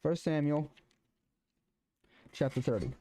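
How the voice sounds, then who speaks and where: A man on a stream talks in a casual way, then stumbles through a scripture reading with plenty of fillers and restarts. His voice sits a little high and has a dark tone.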